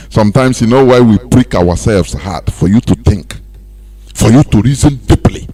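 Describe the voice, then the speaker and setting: A Nigerian man giving animated radio commentary, laughing often and slipping into Pidgin. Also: on the low side, moderate pace. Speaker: radio presenter.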